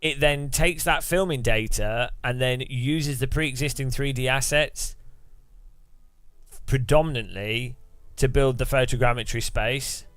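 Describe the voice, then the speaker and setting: A man's voice: mid-range voice, unhurried, fairly bright tone, clear, resonant tone, no room sound. A British man chatting casually on a live stream, rambling through his thoughts with lots of restarts and fillers.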